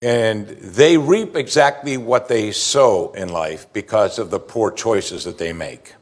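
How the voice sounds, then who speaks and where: A middle-aged man preaches with an earnest, steady voice that sits in an ordinary male pitch range. He leans hard on key words and slows right down to drive a point home, the way a pastor does in front of his congregation. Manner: earnest preaching with slow emphatic stresses. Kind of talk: sermon.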